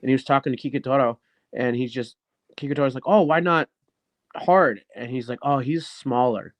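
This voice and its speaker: A man speaking at a mid-range pitch tells stories in an animated, casual way. He swears freely and acts out what others said. His voice sounds dry and close. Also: fast talker, no echo. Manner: animated, swears often, acts out quoted dialogue. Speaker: guest, professional wrestler. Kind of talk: casual storytelling interview.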